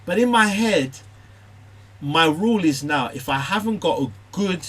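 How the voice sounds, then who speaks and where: A man from England, a parent, telling a Bible study group about his children in a lively, animated way, acting out their voices. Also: a little high, a little slow, husky. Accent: British English. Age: adult parent. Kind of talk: casual group discussion.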